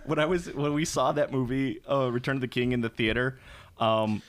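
A man's voice: medium pitch, fairly even intonation, a little fast. Rambling young man, casual banter. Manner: rambling, joking, filler-heavy. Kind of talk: casual chat.

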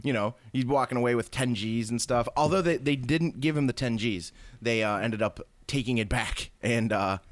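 A man in casual podcast chat who laughs often and speaks in an animated way. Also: mid-range voice, moderate pace. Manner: laughs often, animated, reads posts aloud.

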